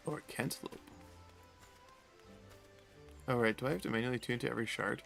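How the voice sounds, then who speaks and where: A man's voice: medium pitch, a little fast, gravelly, a bit bright, faint music behind. A man streaming a game, making casual, self-deprecating asides as he plays. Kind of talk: casual commentary while playing.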